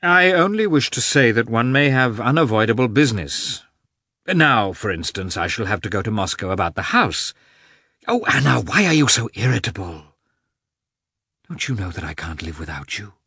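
A man voicing a guarded, weary aristocratic officer in an audiobook, speaking in a measured, placating way. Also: mid-range voice, big pitch swings, bright, forceful tone, breathy edge, no room sound, studio quality, pitched above the performer's own voice, exaggerated voice. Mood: defensive.

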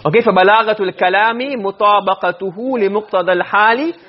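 A man's voice: high-pitched, racing. A man teaching a lesson on rhetoric, explaining step by step, often repeating words and mixing in Arabic terms. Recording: dull lo-fi recording.

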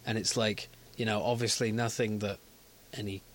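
Fields: Sex: man. Role: podcast co-host. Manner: animated and argumentative. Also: on the low side. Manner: animated, argumentative, quick to laugh. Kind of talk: casual podcast chat.

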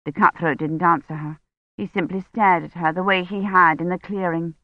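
A woman narrating an audiobook in a measured, tense storytelling manner. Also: lowish voice, fairly even intonation, no echo, dull audio. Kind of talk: scripted narration.

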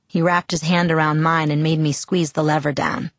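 Low-voiced woman reading a novel. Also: flat delivery, moderate pace, hardly any pauses, dry recording. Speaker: audiobook narrator. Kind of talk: first-person novel narration.

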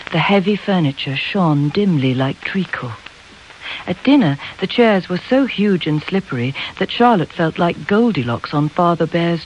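Measured storybook narrator, mid-range voice, slightly dull lo-fi recording. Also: mid-range voice, slight background noise. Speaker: audiobook narrator. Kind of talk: scripted narration.

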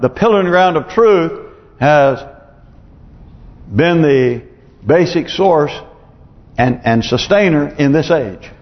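A man preaching in a church, his fairly high voice carried by a long, ringing reverb. He talks conversationally, posing questions and clearing his throat often. The recording sounds muffled and dull. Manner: conversational preaching, rhetorical questions, chuckles to himself. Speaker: pastor. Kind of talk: sermon.

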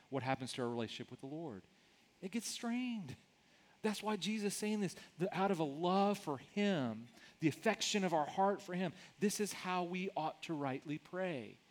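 A middle-aged man, a pastor, preaching a sermon in a conversational way, often repeating words as he starts sentences. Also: fairly high pitch.

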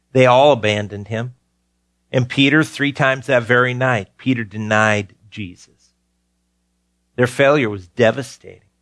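A man preaching a sermon, earnest, repeating key phrases for emphasis and swinging from rising urgency to quiet low tones. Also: no room sound, studio quality. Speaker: pastor.

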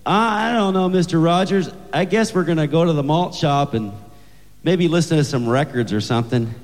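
A man voicing a nervous teenage boy who stammers in a raised, high voice, heard in a large echoing hall. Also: moderate pace, lightly acted. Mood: flustered. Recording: long reverb of a large hall.

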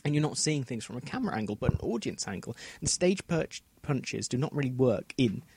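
A man's voice: medium pitch, very animated, brisk, darkish tone, slightly rough. A man co-hosting a podcast, recording a rambling, self-deprecating solo segment. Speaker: podcast co-host.

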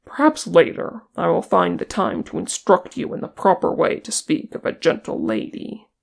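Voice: mid-range voice, sing-song, normal speed, gravelly, full character voice. A reader voicing a fierce, loyal male dwarf warrior who growls and bristles with indignation in an audiobook. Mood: indignant. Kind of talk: audiobook character reading.

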